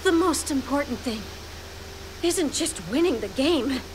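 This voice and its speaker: A woman's voice: high voice, animated, unhurried, slight background noise. An actress voicing an earnest, hopeful young woman who survives deadly games in a dubbed drama, heard as a clip under music. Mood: urgent. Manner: earnest, heartfelt.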